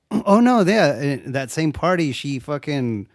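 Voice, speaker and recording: A man's voice: a little high, big pitch swings, slow pace, dry recording, studio quality. A young man co-hosting a podcast, casually recapping a horror movie, swearing a lot and acting out the characters' lines. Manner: laid-back, swears a lot, acts out quotes. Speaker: podcast co-host.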